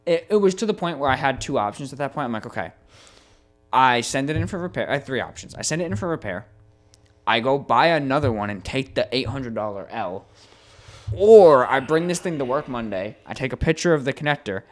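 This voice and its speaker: A young adult man co-hosting a casual podcast recounts a tech disaster in an ordinary middle-pitched voice at a brisk pace. He sounds animated and exasperated, swearing freely as the story builds, with faint music behind him.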